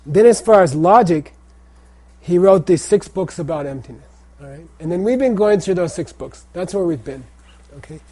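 Man, middle-aged, husky, a bit high, lecturing a class, repetitive check-ins. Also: animated, normal speed, dark tone. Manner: repeats phrases and checks in with "okay?". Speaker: teacher of Tibetan language and Buddhist texts.

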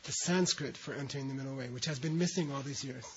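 A man's voice: mid-range voice, fast, a little hiss or hum. A man teaching a class, patiently leading students through a text syllable by syllable and explaining terms as he goes. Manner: patient, breaks words into syllables for students to repeat. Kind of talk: classroom lecture with call-and-repeat reading. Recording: dull lo-fi recording.

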